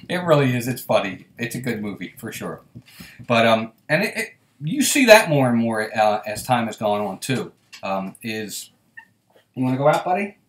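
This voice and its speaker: A man's voice: mid-range voice, very animated, a little slow, reverberant. A man hosting a casual live stream, chatting and laughing often as he reads viewer comments aloud. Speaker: host.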